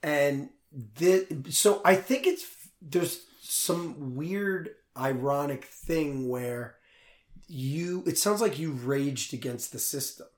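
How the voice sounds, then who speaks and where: A man's voice: a little high, slow. Dry, probing male interviewer in a roomy space. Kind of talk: casual interview. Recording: roomy echo.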